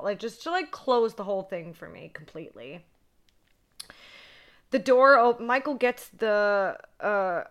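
A woman co-hosts a horror podcast and walks through a movie in loose, excitable chat. Her voice is bright and forward, and she swears freely and leans on "like" as she goes. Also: mid-range voice. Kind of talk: casual movie recap chat.

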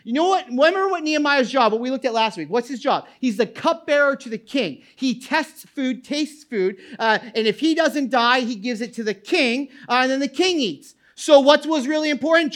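A middle-aged male pastor preaching a sermon in an animated way, repeating words and restarting, booming out when he reads scripture aloud.

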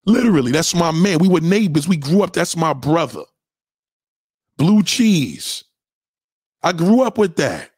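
Hyped New York man, high lively voice. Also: a little slow, long pauses, husky, no echo, clean studio sound. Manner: loud, profane, boastful, challenging. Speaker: live streamer playing records for chat. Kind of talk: hyped trash talk over music.

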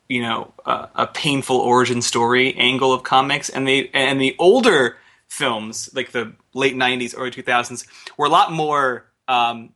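A young man chatting as a podcast co-host, his voice very bright and ringing. He jokes around and breaks into laughter often, keeping things loose and casual. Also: medium pitch. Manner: laughs often, animated and joking. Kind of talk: casual chat.

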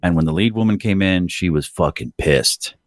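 A man's voice: low-pitched, moderate pace, dry recording. A man in casual podcast chat, telling stories with dry, self-mocking humor. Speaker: podcast co-host.

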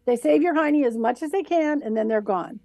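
A middle-aged woman with a notably high voice talks in a casual, animated way. She slips into little acted-out voices as she tells a story. The sound is close and dry, with no room around it. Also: a little fast, no echo. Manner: animated, acts out voices of her guides. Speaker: guest. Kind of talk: casual conversation.

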